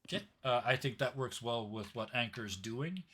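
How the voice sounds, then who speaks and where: A man's voice: medium pitch, normal speed, husky. Man narrating a tabletop game. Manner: relaxed storyteller with sound effects. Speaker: game master.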